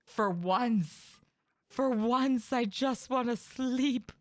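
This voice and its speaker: A woman's voice: on the high side, drawn-out words, a little mellow, no echo, pitched above the performer's own voice. A woman doing a whiny sleepy colonist. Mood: pleading. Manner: whiny, pleading. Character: sleepy game colonist begging to be left alone.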